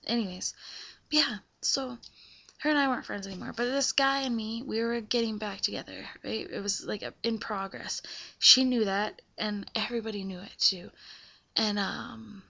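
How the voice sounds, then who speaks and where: A woman's voice: medium pitch, steady tone, normal speed, gravelly, pushed and bright, lo-fi sound. A young woman vlogging casually about a breakup, chatty and full of fillers, often asking the listener "right?". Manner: chatty, filler-heavy, keeps checking in with the listener. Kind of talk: casual confessional storytelling.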